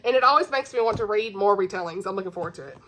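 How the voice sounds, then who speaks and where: A woman's voice: mid-range voice, animated, very fast, fairly bright tone, slight background noise. A woman hosting her own channel, chatting casually and bubbly about books she recommends, giggling often. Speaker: book reviewer, channel host. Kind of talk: casual book-recommendation chat.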